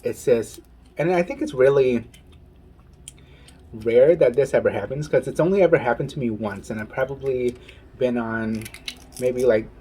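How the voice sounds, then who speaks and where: Husky man telling a casual story. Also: mid-range voice, moderate pace, long pauses. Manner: animated, says "y'all" and "oh my goodness". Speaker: mukbang vlogger. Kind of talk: casual storytelling while eating.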